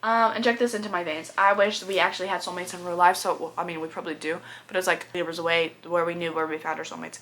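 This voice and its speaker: A woman's voice: fairly low pitch, little pitch movement, quick pace, few pauses, a bit bright, slight background noise. A young woman who vlogs about books, chatting casually about what she loves and hates, playful and opinionated. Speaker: book vlogger.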